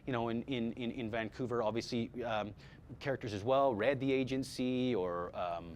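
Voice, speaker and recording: A man leads a voice-over class in an easy, unscripted way, stumbling over and repeating his words as he goes. His pitch sits in a middle range for a man. A faint low rumble hums behind him. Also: moderate pace. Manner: energetic, repeats words, many fillers. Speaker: voice-over workshop instructor. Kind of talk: casual workshop talk. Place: workshop room with a group.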